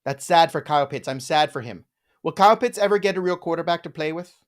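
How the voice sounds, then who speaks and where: A man's voice: fairly high pitch, quick pace. A man hosting a live fantasy football show, joking around and riffing on names in casual chat. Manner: playful, jokey, riffs on names.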